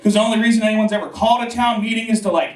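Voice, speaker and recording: A man doing a stand-up comedy set in a club, telling a profane, animated story with mock old-timey voices, audience laughing behind. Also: sits high, very fast. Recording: roomy club audio from far mic.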